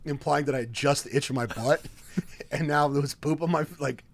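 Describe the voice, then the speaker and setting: A man in his thirties co-hosts a casual podcast, telling stories animatedly and often laughing mid-sentence. His gravelly voice is on the high side, at a moderate pace.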